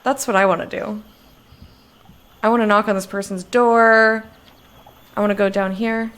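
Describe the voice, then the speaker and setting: A woman's voice: mid-range voice, fairly even intonation, normal speed, a bit bright. An American woman giving casual let's-play commentary and reading game text aloud. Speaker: gamer.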